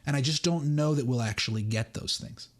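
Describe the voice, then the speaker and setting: A man's voice: medium pitch, a little fast. A man hosting a livestream, giving analytical market commentary and reading book excerpts aloud with asides. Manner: analytical, explains and reads passages with asides. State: has the hiccups.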